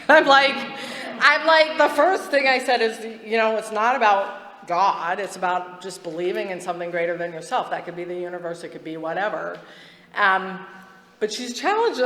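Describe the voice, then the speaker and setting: In an echoey meeting hall with faint background noise, a woman gives personal testimony at a twelve-step meeting. Her medium-pitched, slightly bright voice is candid and chatty, and she laughs often and restarts her sentences.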